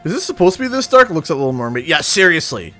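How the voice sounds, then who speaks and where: Animated high-voiced man streaming a game. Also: fast, soft background music. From Canada. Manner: playfully exaggerated, sing-song when complaining. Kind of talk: gaming livestream chat.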